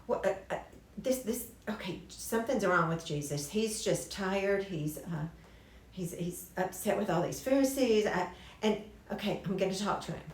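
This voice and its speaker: A woman's voice: medium pitch, lively intonation, roomy sound, natural voice. A woman voicing an anxious male disciple who stammers as he pleads with his leader. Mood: pleading. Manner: halting, stammering pleas.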